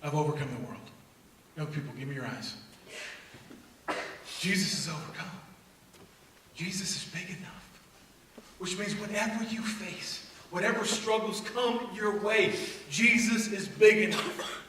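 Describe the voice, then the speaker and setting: A middle-aged man giving an energetic faith talk to young people, with loud bursts and low, intense asides. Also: a little slow, long pauses, a little hiss or hum. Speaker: speaker at a youth faith event. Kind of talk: energetic motivational talk to students. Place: church hall. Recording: echoey hall recorded from far off.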